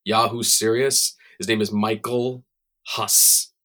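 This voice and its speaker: A man's voice: lowish voice, little pitch movement, slow, bright, forceful tone, heavily acted. A man playing a boastful, crude Hollywood voice guru who rambles and drops names as a guest on an improvised comedy podcast. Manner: rambling, name-dropping, self-important.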